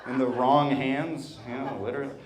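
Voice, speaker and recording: A man's voice: mid-range voice, flat delivery, normal speed. Wry self-deprecating male comedian. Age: 30s. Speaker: stand-up comedian. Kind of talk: stand-up set. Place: brewery venue with a live audience. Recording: echoey room with a crowd.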